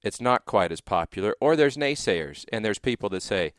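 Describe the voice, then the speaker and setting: Low-voiced, thoughtful male interviewer. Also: expressive, moderate pace, no echo, clean studio sound. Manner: soft backchannels, thoughtful hedged questions.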